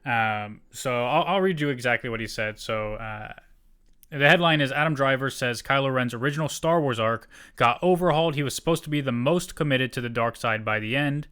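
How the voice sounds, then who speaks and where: Relaxed young man reading news aloud. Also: medium pitch, brisk, clear, resonant tone. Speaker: podcast co-host. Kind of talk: casual podcast chat, reading news aloud.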